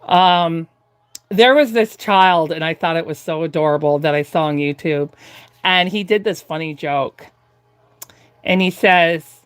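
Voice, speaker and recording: A woman's voice: low-pitched, a little slow, clear, resonant tone, dry recording. Woman, dry close sound, chatty rambling tutorial at home, hesitant fillers. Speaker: reborn doll artist streaming live. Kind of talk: casual live painting tutorial. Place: home craft room.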